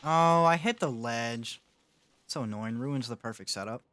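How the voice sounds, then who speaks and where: A man's voice: mid-range voice, measured pace, pushed and bright. A young man streaming a game live, chatting casually with his viewers, answering chat and laughing often.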